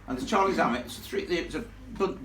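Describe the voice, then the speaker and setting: A man telling a ghost story live to an audience, in a blunt, animated way with plenty of salty asides. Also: fairly high pitch, quick pace, slight background noise. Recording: echoey room filmed from far off.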